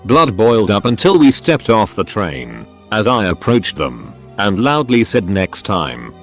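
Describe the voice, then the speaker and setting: Low-voiced man reading stories aloud. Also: big pitch swings, a little slow, faint music behind. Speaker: narrator reading online stories. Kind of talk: scripted narration.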